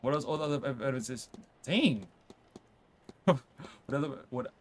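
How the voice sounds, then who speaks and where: A man streaming a game, chatting casually, reading on-screen text aloud and reacting with quick outbursts. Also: mid-range voice, animated, a little hiss or hum. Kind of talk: casual let's-play commentary.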